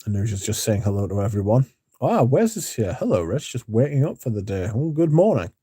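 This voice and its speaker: Brief: mellow-toned man hosting a livestream, chatty and sweary, reads chat aloud. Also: on the low side, big pitch swings, a little fast, slightly rough. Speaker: livestream host.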